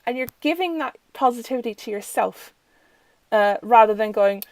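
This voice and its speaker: A woman's voice: medium pitch, brisk, darkish tone, no room sound, poor audio. Chatty Irish woman, dry close sound. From Ireland. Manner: chatty, rambling, fillers and self-corrections. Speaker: tarot deck reviewer. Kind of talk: casual deck review.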